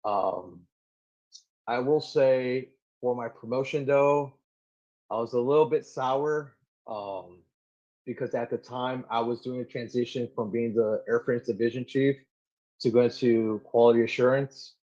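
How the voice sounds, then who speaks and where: Marine guest, man in his 30s, mid-pitched, lively storyteller, full of "like"s, slightly muffled lo-fi sound. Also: a little slow. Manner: animated, filler-heavy storytelling with many "like"s. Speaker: Marine gunnery sergeant guest. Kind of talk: casual storytelling in an interview. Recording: slightly dull lo-fi audio.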